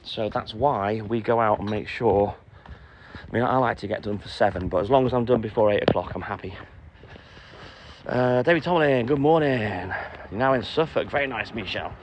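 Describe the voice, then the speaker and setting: A man's voice: lowish voice, normal speed, background noise. A middle-aged man, a self-employed milkman, chatting casually on a live stream during his night delivery round, greeting viewers and answering comments between stops. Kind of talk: casual live-stream chat while working.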